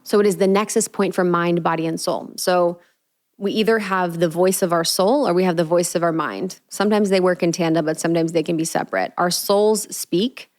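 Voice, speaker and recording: A woman's voice: lowish voice, steady tone, a little fast, darkish tone. A young adult woman hosting a solo podcast, talking in an earnest, spiritual, casual way with lots of "like.". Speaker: podcast host. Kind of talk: reflective solo podcast monologue.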